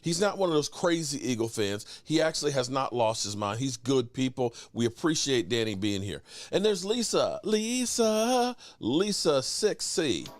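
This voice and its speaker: A man hosting a live sports talk stream, teasing and greeting chat viewers by name in an animated way. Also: mid-range voice, normal speed, few pauses, no room sound. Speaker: sports show host.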